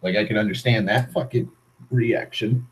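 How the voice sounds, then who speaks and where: A young vlogger from Massachusetts, with a lowish voice and moderate pace, delivers a casual rant into his camera, laced with profanity, sardonic asides, and rambling restarts. The recording quality is rough.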